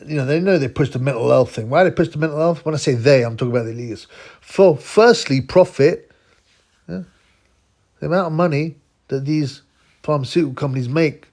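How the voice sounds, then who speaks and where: A man's voice: medium pitch, a little mellow. A man hosting a boxing channel, rambling through a casual commentary vlog, laughing often and sliding into a conspiratorial rant.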